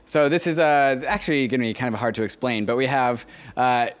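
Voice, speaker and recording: A man's voice: mid-range voice, fairly quick. A man co-hosting a podcast in casual chat, laid-back and chuckling as he tells stories. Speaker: podcast co-host.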